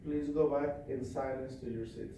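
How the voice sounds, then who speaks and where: A male trainer telling a story at a live seminar in a forceful, commanding, repetitive way. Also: medium pitch, fairly even intonation, moderate pace, slight background noise. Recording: echoey hall from far off.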